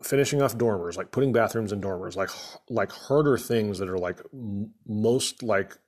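Casual male contractor venting a rambling story, husky and a bit low. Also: moderate pace, darkish tone. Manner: exasperated, rambling, many fillers. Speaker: remodeling contractor.

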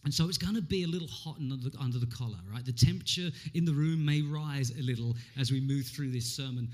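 A man in his thirties preaching a lively, humorous sermon, acting out voices and jokes as he goes. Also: medium pitch, fast talker. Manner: animated, humorous, acts out quotes. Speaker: pastor.

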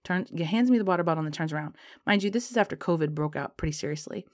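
Woman, deep voice, casual storyteller, filler-heavy, animated. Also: racing. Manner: chatty, lots of fillers like "um" and "you know"; lively, acts out dialogue in her story.

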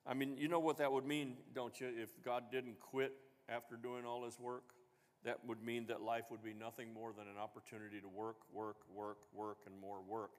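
A man's voice: medium pitch, level tone, fairly quick, in a large hall. A man preaching a sermon as pastor, talking conversationally and asking the congregation questions. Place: church sanctuary.

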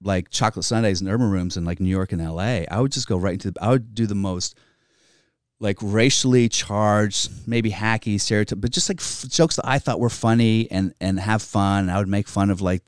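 A man's voice: lowish voice, a little fast, clear, resonant tone, no room sound, clean studio sound. A man in his forties, a comedian and actor from Virginia, telling stories in a casual, profane podcast chat. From Virginia, United States. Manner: profane, animated storyteller.

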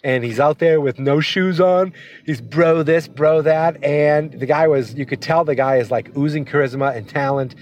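A man's voice: fairly high pitch, normal speed, darkish tone. A man talking casually while driving, rambling and going off on tangents. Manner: rambling, tangent-prone, chatty. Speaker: wrestling vlogger. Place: inside a moving car.

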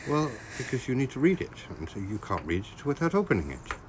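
A man putting on a pompous English gentleman with an English accent and a lowered, measured manner. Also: sing-song, a little hiss or hum, close to an everyday voice. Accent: English, put on.

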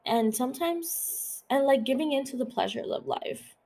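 A young woman hosting a podcast, talking quickly and casually with lots of swearing and filler words. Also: high voice, creaky, dark tone. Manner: fast, profane, lots of "like" fillers. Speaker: podcast host. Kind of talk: casual chat.

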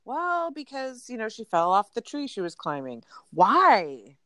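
A woman's voice: a little high, moderate pace, clear, resonant tone, dry recording. A woman in her thirties co-hosting a casual chat podcast, telling anecdotes animatedly with many ums and uhs. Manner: animated storyteller, fillers like um and uh. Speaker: podcast co-host.

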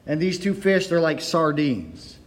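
A man preaching a sermon from the pulpit, excitable and storytelling, his words sometimes running together when he gets fired up. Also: on the high side, unhurried. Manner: storytelling with playful voiced quotes. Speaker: pastor. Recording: long hall reverb.

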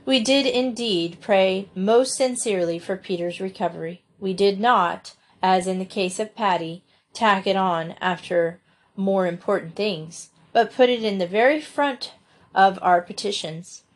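A woman narrates an old-fashioned storybook aloud, measured and unhurried. Her voice sits at an ordinary middle pitch for a woman. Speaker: audiobook narrator.

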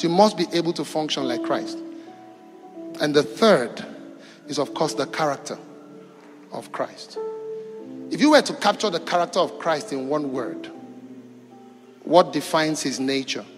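High-voiced preacher man in an echoey hall. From East Africa. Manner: call-and-response preaching, shifting between loud and quiet. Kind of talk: sermon. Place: church hall. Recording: echoey church hall with music behind.

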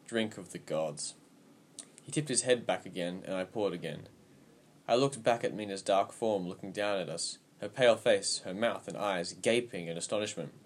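Reading scripted narration, a man with a fairly low voice narrates an audiobook story in a calm, even way. His delivery is measured and steady throughout, plain and clear in its telling.

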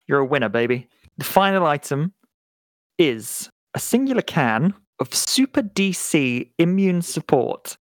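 A man's voice: a little high, big pitch swings, measured pace, no echo. A man from the UK co-hosting a casual podcast, playful and tripping over hard words. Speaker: podcast co-host. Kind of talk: casual chat.

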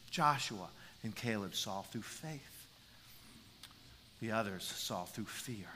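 A man preaching a sermon as a pastor, animated and repeating words as he builds his points. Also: medium pitch. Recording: long reverb in a large hall.

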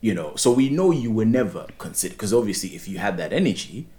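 A man's voice: fairly low pitch, sing-song, fast talker, mellow. A man co-hosting a podcast in casual chat, rambling and repeating words as he restarts his thoughts. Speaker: podcast co-host.

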